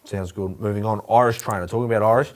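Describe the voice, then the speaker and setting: An Australian man hosting a racing show, brisk and teasing in casual chat. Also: fairly low pitch, fairly even intonation.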